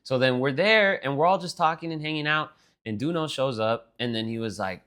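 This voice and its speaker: A man's voice: mid-range voice, a little fast. Rambling young man telling a story. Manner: rambling, animated, laughs through his story. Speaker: podcast co-host. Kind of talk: casual storytelling chat.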